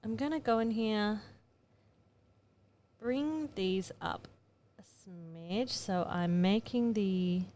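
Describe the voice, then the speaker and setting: A woman photographer chats her way through an editing tutorial, muttering and thinking aloud as she works. She has a mid-range, a little mellow voice.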